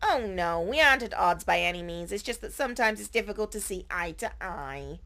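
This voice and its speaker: A woman's voice: medium pitch, lively intonation, fairly quick, a bit bright, pitched below the performer's own voice. A woman voicing a prim, formal female scientist agent who speaks in a stiff, clipped, proper manner.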